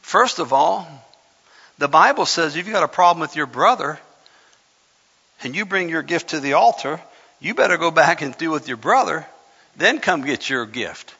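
A man's voice: on the high side, animated, moderate pace, pauses often, sharp tone, breathy edge. A man preaching a sermon conversationally, reading scripture with dramatic emphasis. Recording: lo-fi sound in a reverberant hall.

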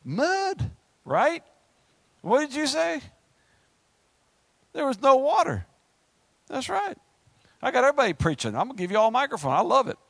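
A man preaching a sermon in a conversational, joking way, acting out quick asides and rising into excited, high-pitched preaching. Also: gravelly, breathy edge, dry recording.

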